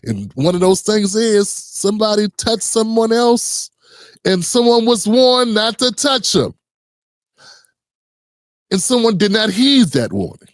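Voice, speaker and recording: A man's voice: sits high, very animated, measured pace, no room sound, studio quality. A man hosting a commentary channel, talking casually and earnestly with many restarts and rhetorical questions.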